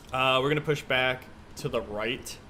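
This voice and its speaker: Man, casual streamer, chatty, talks through checklists, mid pitch, faint hum behind. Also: sharp tone. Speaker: flight sim streamer. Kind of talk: casual live-stream commentary.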